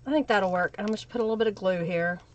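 A woman's voice: medium pitch, quick pace, highs cut off. A woman hosting a live craft stream, chatting and thinking aloud while she works and greeting viewers by name. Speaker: craft livestream host. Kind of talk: live crafting tutorial with chat shout-outs.

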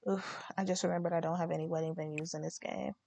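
A woman's voice: deep voice, fairly even intonation, fast talker, vocal fry, mellow. A young woman hosting a let's play, narrating her game in a chatty, slangy way. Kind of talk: casual game commentary.

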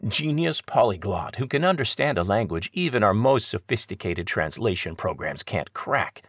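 An explosive, accusing government chief, read by a man in an audiobook. His lines come out raised and sharp, as though each question is an attack. The recording is close and dry. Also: lowish voice, sing-song, moderate pace, dry recording. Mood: exploding. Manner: angry and accusing. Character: hot-tempered male section chief, accusatory.

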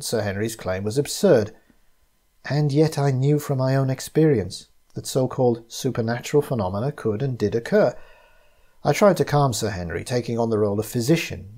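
A man reading his own detective story in first person, in a measured, even narration. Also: mid-range voice. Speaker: narrator and author.

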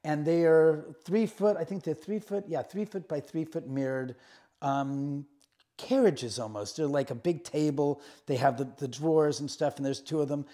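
A man's voice: a little high, normal speed. A middle-aged man showing visitors around a room of his house, casually retelling ghost encounters and acting out the quotes. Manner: animated retelling with acted-out quotes. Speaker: house owner giving a tour. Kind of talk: casual storytelling.

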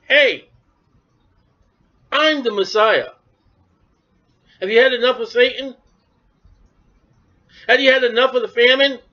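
A man's voice: high-pitched, pushed and bright. A man preaching a sermon, talking animatedly and acting out the voices of biblical figures. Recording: dull lo-fi recording.

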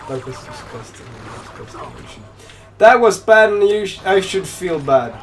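A young man chatting casually while playing a video game, jokey and quick to burst into laughter and yelps. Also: high voice, very animated, soft background music. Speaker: let's play gamer. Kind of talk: casual gaming banter. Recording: distant mic with faint room noise.

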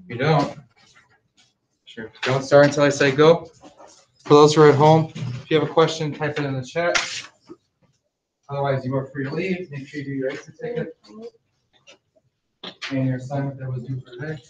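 A male math teacher speaking loudly through a mask, firm and drilling his class. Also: mid-range voice, steady tone, normal speed, pauses often, recorded from a distance, dull audio, a little hiss or hum. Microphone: masked, mic at a distance. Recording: echoey classroom.

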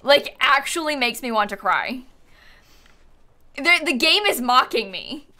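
Woman game streamer, lively swooping pitch, bright voice, excitable, laughing and shouting. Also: unhurried. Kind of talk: live-stream chat while gaming.

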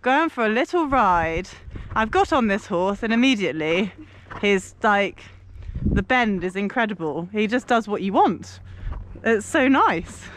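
A woman's voice: medium pitch, animated, unhurried, a bit bright, a little hiss or hum. A young woman hosting a casual vlog, chattering and giggling at herself while riding a horse in an outdoor arena, picked up by an action camera. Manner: giggly, self-mocking chatter. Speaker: vlogger host. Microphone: helmet action camera.

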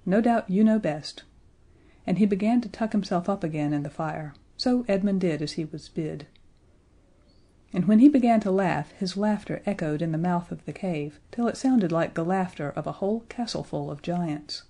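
A woman narrating a children's audiobook in a gentle, expressive way. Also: on the low side, moderate pace.

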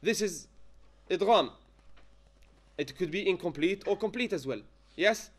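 In this classroom tajweed lesson, a man with a high voice and lively intonation teaches Quran recitation. He dictates slowly, checks understanding with frequent questions, and chants Arabic verses as examples.

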